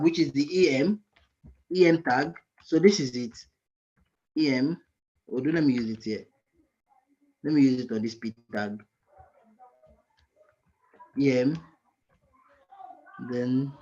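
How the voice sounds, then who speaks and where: A man mentoring frontend coders in a live screen-share lesson, thinking aloud and often pausing to search for the right word. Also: medium pitch, darkish tone, dull audio.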